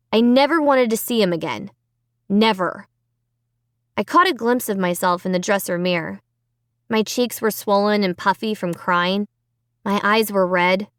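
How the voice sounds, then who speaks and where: A woman reading a children's horror book aloud in first person, with expressive dramatic delivery on a close microphone. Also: mid-range voice, clear, resonant tone, no echo. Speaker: audiobook narrator. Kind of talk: scripted first-person narration.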